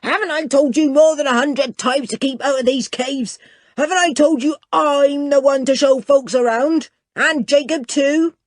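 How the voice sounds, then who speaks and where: A woman reading an audiobook, voicing an angry burly man who shouts. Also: high voice, normal speed, dry recording, studio quality, pitched above the performer's own voice, natural voice. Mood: furious. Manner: loud, shouting. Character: furious burly man, bullying cave guide.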